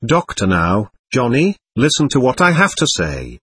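A man's voice: medium pitch, huge pitch swings, moderate pace, a bit bright, slightly rough, exaggerated voice. A man reading aloud the lines of a stern, patient séance doctor who lectures and reasons firmly.

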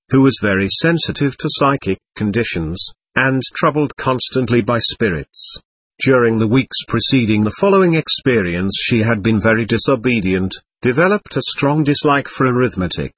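A man narrating an audiobook in a measured, reportorial way. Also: mid-range voice, fairly bright tone, breathy edge, no echo. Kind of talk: scripted narration.

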